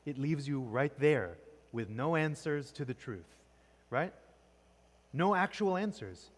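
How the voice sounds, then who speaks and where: A man teaches poetry slowly in a church classroom, his fairly high voice animated. He keeps quizzing his students and wraps up almost every point with "right?", all heard through long, echoing reverb.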